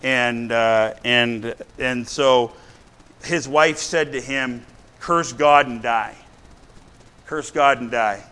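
A man's voice: medium pitch, slow, sharp tone, clean tone. A man preaching a sermon in a church, blunt and conversational, often checking in with his listeners. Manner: blunt conversational preaching, keeps asking "right?". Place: church with a responding congregation.

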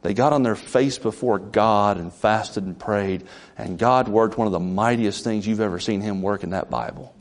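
A man preaching a folksy, conversational sermon as pastor, with sudden leaps in pitch. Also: moderate pace.

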